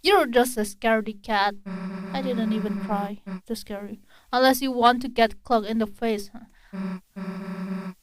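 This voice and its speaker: A woman voicing a rough, bossy teenage monster girl with a gruff, taunting delivery. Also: on the high side, unhurried, long pauses, close to an everyday voice.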